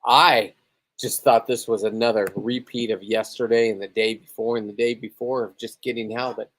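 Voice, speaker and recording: A man's voice: medium pitch, flat delivery, moderate pace, fairly bright tone. A man chatting loosely on his own livestream, tipsy after a few beers, rambling, swearing freely and boasting about his day. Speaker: livestreaming spearfisherman. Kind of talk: casual livestream chat.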